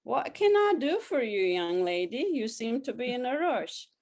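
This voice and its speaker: A woman voicing a warm middle-aged landlady with a Southern drawl who calls people hon. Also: fairly high pitch, sing-song, moderate pace. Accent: Southern US put on.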